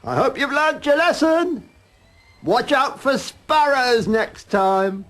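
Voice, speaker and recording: An older man voicing a vain, fearless little bantam cockerel who crows and shouts boastfully. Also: lively intonation, measured pace, full character voice. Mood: boastful crowing. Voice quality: high, crowing and shouting.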